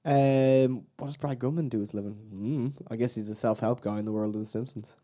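A man's voice: lowish voice, fast talker, dark tone. A man co-hosting a podcast in casual chat, rambling and quoting lines with frequent laughs. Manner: rambling, chatty, quotes lines and laughs often. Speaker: podcast co-host.

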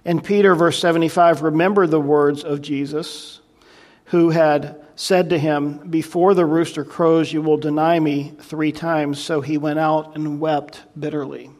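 Higher-voiced man preaching conversationally. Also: flat delivery, measured pace, a little mellow. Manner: conversational, reflective, frequent "you know" asides. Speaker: pastor. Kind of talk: sermon, verse-by-verse Bible teaching.

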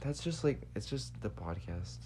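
A man's voice: fairly low pitch, sing-song, moderate pace, mellow, slight background noise. A young man co-hosting a podcast in casual comedic chat, joking, laughing often and trailing off mid-sentence. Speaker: podcast co-host.

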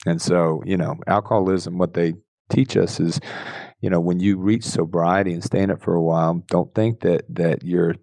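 A man's voice: sits low, steady tone, normal speed, gravelly, darkish tone, no room sound. A middle-aged man telling his own story as an interview guest, intense and self-deprecating, often laughing. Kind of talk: candid personal storytelling.

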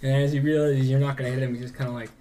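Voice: mid-range voice, little pitch movement, very fast, warm tone, a little hiss or hum. A game master narrating a tabletop game with a rambling, filler-heavy delivery. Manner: rambling, many "like" and "um".

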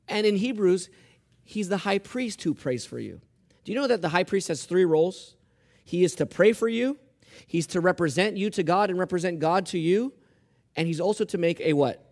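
A man preaching a sermon as pastor, asking the congregation questions and answering them, swinging between hushed asides and loud emphatic repetition. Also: high voice, expressive, normal speed. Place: church.

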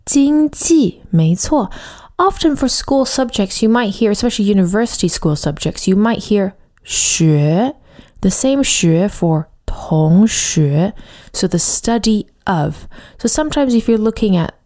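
A woman co-hosting a podcast language lesson, explaining clearly and saying example words slowly. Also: medium pitch, expressive, warm tone. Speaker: language teacher.

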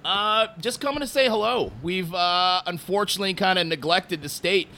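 A man from Montreal, Canada, talking casually about his work at a distillery, telling relaxed stories with lots of fillers. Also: high voice, moderate pace, slight background noise. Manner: relaxed storytelling with many fillers. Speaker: distillery brand representative. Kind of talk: casual interview talk.

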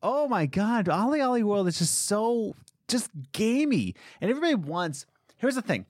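A young man chatting excitedly on a gaming podcast, his pitch swinging widely from high to low as he rambles along. The sound is dry and close to the mic, with no room echo. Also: normal speed. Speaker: podcast co-host. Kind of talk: casual podcast chat about video games.

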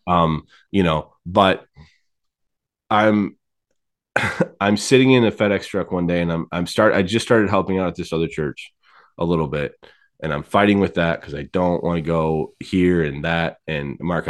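A man in his late thirties, a podcast guest, candidly tells his faith story in casual testimony style, laughing often and voicing the people in it with animation. His voice is low-pitched and his pace moderate.

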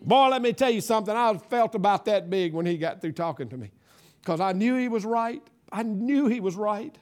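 Emotional preacher man, high voice. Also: animated, normal speed. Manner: emotional, tearful storytelling that rises to shouted praise. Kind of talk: sermon testimony.

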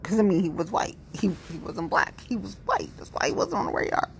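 A woman's voice: mid-range voice, very animated, fairly quick, gravelly, slight background noise. A woman in her forties giving a rambling, blunt and profane monologue to camera. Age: 40s. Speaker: vlogger. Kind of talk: candid monologue.

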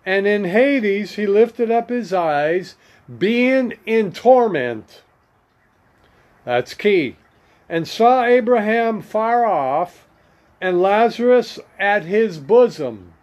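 A man with a fairly high voice teaches scripture at an unhurried, deliberate pace, reading passages aloud and adding his own remarks. The recording is a little muffled and lo-fi. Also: a little mellow. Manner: slow and deliberate, reading verses aloud with comments. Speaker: preacher.

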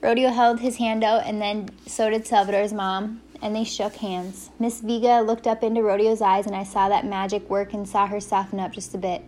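Female audiobook narrator, mid-pitched, first-person storytelling, faint hiss under the voice. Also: little pitch movement, normal speed, hardly any pauses, a little mellow.

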